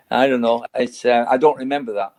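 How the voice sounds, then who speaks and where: The guest on this casual podcast is an older former footballer with a mid-range, darkish voice. He rambles through his stories, laughing along and starting over many times.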